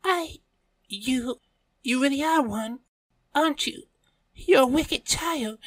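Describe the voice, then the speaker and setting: A man voicing a frightened, tearful teenage girl who cries out accusations in a high, shrill voice. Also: quick pace, no echo. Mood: tearful, accusing. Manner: high-pitched, shrill, crying out.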